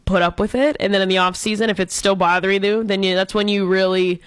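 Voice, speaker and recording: A woman's voice: mid-range voice, little pitch movement, quick pace, clean tone, dry recording. A woman co-hosting a casual sports talk show, giving enthusiastic, opinionated takes like an eager fan. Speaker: co-host.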